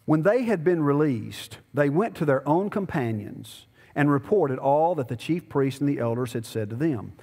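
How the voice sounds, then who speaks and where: Male pastor, higher voice, conversational sermon that swells to pleading, long church reverb. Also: expressive, normal speed, few pauses, darkish tone, husky. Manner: conversational preaching, rising to emphatic pleading. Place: church sanctuary.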